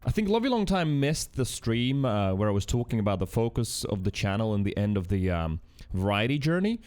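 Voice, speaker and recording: A man's voice: lowish voice, sing-song, brisk, a little mellow. A man streaming from home, chatting casually with viewers and reading chat aloud with teasing banter.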